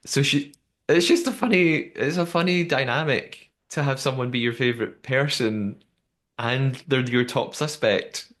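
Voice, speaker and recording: A man hosting a podcast, telling a story in a lively, casual recap. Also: medium pitch, measured pace. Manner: animated storytelling recap, quoting people as he goes. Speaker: podcast host.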